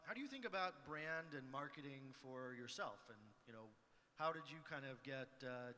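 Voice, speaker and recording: Guy hosting a stage chat, crisp bright voice, echoey big room. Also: mid-range voice. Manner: brief questions and quick asides. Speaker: host and interviewer. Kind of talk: onstage fireside chat interview. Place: conference stage. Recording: reverberant hall.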